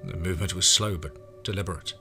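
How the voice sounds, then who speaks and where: Deep-voiced man narrating horror. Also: brisk, sharp tone, faint music behind. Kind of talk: scripted first-person horror narration.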